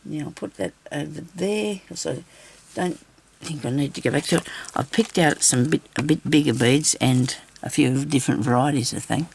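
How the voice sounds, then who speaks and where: A woman's voice: low voice, moderate pace, gravelly, hardly any pauses, a little mellow, slight background noise. A woman vlogging a crafting demonstration, rambling and chatty as she talks straight to her viewers.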